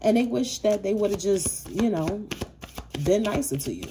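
A woman's voice: medium pitch, expressive, a little slow, background noise. Blunt, profane woman tarot reader. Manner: blunt, profane, repetitive and emphatic. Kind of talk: casual collective tarot reading.

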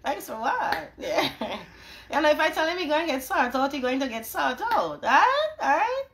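Bubbly woman with a lively voice. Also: high-pitched, moderate pace, roomy sound. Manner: laughing, exuberant, teasing. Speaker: singer hosting a live stream. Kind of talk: casual live-stream chat.

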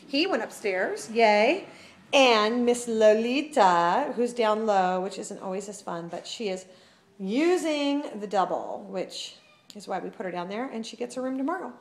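A woman filming a casual video at a cat shelter, with a voice that swoops up and down as she goes. She talks to the camera and then slips into cooing, sing-song baby talk for the cats. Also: moderate pace. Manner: coos and baby-talks to the cats, lively swings in pitch.

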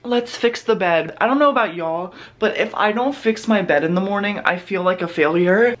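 A man's voice: sits high, normal speed, fairly bright tone, a little hiss or hum. A young man filming a casual vlog at home in his bedroom and bathroom, talking in a sarcastic, self-mocking and dramatic way. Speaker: vlogger.

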